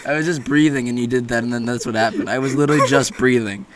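A man's voice: medium pitch, quick pace, slight background noise. A young man hosting a casual podcast chat, rambling and joking with frequent laughter. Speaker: podcast host.

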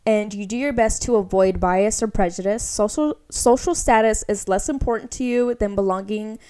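Reading an astrology chart aloud on a casual podcast she co-hosts, this young woman keeps the talk chatty and leans hard on "like." Her mid-range voice has a dark, clean tone and a moderate pace.

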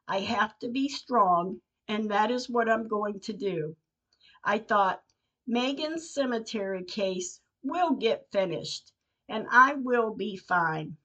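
A woman's voice: medium pitch, sharp tone. An older woman, a podcast host, reading her personal diary entries aloud in an earnest, heartfelt way. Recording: dull lo-fi recording.

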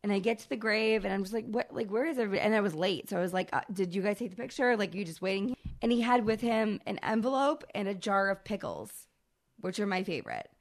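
A woman in her thirties, a podcast co-host, telling a long personal story in casual, profane, animated chat. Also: mid-range voice, quick pace.

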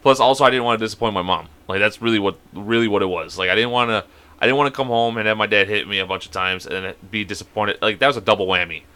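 A man telling a long, profane story in a casual podcast chat, rambling and animated. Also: lowish voice, quick pace, clean tone. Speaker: podcast co-host.

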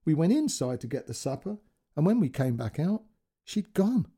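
Shaken elderly dad on the phone, near tears, read by a male narrator, dark husky voice. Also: fairly high pitch, big pitch swings, heavily acted. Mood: distraught. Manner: shaky, apologetic, halting speech. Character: frightened older father on the phone, tearful.

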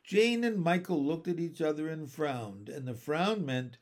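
A man narrating a children's storybook in a measured, gentle way. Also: on the high side, lively intonation. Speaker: audiobook narrator. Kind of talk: storybook reading.

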